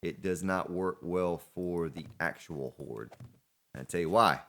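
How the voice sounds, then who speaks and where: A man's voice: sits low, measured pace, creaky, a bit bright. A man hosting a gaming let's play, chatting casually and rambling to himself as he plays. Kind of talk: casual gameplay commentary.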